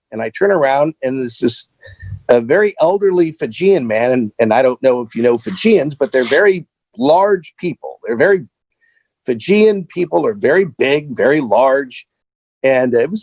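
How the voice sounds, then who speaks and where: A man recounting a travel story in a lively, up-and-down delivery. His fairly high voice has a gravelly edge and is full of fillers and restarts. The recording is dry and close. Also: dry recording. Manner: animated, with frequent fillers and restarts; grows higher and more excited as the tension builds. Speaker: political candidate as guest. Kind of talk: anecdotal storytelling.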